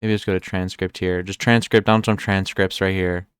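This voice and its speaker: A man co-hosting a casual podcast, talking in an animated way and swearing. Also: sits low, normal speed, smooth, no echo. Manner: animated, swearing, laughing often. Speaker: podcast co-host. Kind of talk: casual chat.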